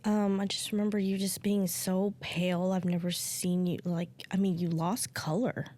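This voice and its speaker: Woman guest, gentle and supportive, kinda low voice, casual heart to heart. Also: little pitch movement, normal speed. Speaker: guest, best friend.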